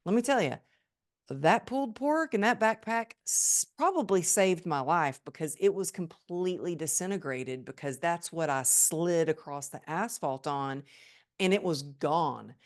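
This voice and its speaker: Low-voiced woman telling her story. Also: a little slow. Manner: animated and emphatic, acts out remembered thoughts. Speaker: podcast guest. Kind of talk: personal storytelling in a podcast interview.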